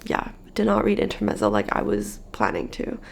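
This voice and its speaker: A young woman talks casually and tiredly from her bedroom, in a book vlog full of chatty fillers. Her voice has a gravelly, creaky edge, sitting at an ordinary middle pitch. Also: very animated, moderate pace, slight background noise. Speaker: book vlogger.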